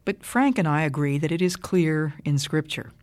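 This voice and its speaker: An older woman giving a scripted radio Bible talk in a measured, emphatic way. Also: sits low, animated, a little mellow, no echo. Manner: measured, deliberate, emphatic delivery.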